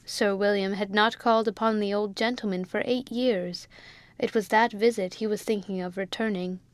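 A woman with a mid-range voice reads a classic novel aloud as an audiobook, her scripted narration measured and expressive. The recording is dry.

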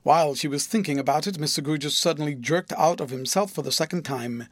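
A man narrating a classic novel with measured, even storytelling. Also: fairly high pitch, no echo. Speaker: audiobook narrator. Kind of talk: scripted narration.

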